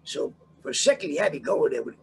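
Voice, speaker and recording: Older male guest, profane storyteller, gravelly voice that leaps all over the place. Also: mid-range voice, very animated, fast talker, darkish tone, slight background noise. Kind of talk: storytelling in a casual interview.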